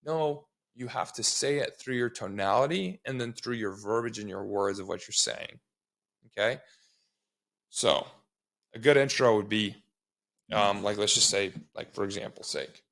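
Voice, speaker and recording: Male sales trainer, casual and blunt, a gravelly edge, checks in with the listener constantly. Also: on the low side, moderate pace, a bit bright. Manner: blunt, swears, repeats "okay?" to check in.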